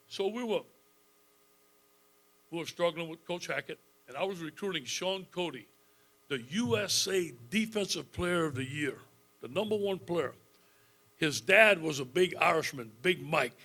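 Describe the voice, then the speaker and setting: Man in his 50s, somewhat high voice, folksy animated storyteller, club speech, chuckles often. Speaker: football coach giving a club speech.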